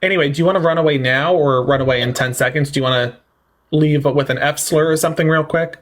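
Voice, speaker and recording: A man hosting a livestream political debate, talking fast, mocking and sarcastic, with theatrical swings in tone. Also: a little high, a bit bright.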